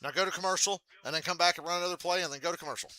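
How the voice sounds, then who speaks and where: A man reacting live to a football game, with profane, excitable outbursts. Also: high-pitched, racing.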